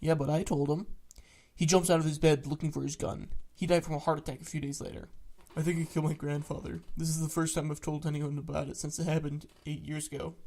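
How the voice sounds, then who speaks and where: A narrator reading internet greentext stories aloud in a flat, matter-of-fact way, with casual swearing. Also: medium pitch, fast talker, vocal fry.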